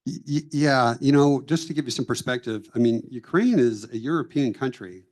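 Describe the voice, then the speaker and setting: A man's voice: medium pitch, normal speed, darkish tone. Chatty man explaining to a crowd. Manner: casual, chatty, with little stumbles. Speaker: mission team member. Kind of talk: explaining to an audience.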